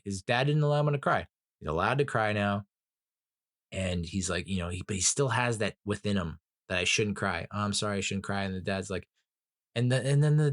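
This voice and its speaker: A man's voice: lowish voice, no echo, clean studio sound. A man giving a casual, rambling movie review, emotional and swearing a lot, with frequent laughs.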